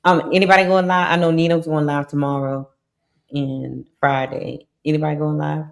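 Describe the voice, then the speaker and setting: A woman's voice: low-pitched, little pitch movement, normal speed, vocal fry. A woman hosting a casual livestream chat, laughing often and sounding a bit sleepy as she wraps up. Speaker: livestream host.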